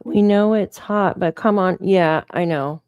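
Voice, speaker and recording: Casting: woman, true-crime livestream host, chatty and incredulous, lower voice, dry close sound. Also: a little slow, a little mellow, clear, resonant tone, no room sound, dull audio. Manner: chatty, incredulous, reads updates aloud. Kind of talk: casual livestream commentary.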